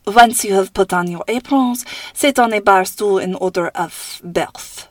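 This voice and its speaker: A bossy French-accented school cook, haughty and commanding, her voice lifted a touch higher than the reader's own, as a woman puts her on. She lays down the law like kitchen royalty. The sound is dry and close. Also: a little slow, dry recording, lightly acted. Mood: stern, imperious.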